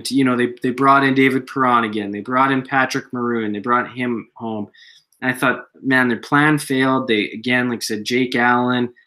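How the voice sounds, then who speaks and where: A man's voice: medium pitch, bright, forceful tone. A man co-hosting a casual sports podcast, talking in a conversational way as he recounts his own earlier opinions. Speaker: podcast co-host.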